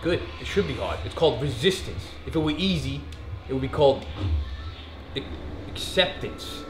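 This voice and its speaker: A young man hosting a comedy sketch, brash and rambling, breaking into loud yells. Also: mid-range voice, animated, normal speed, noisy background. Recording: echoey room.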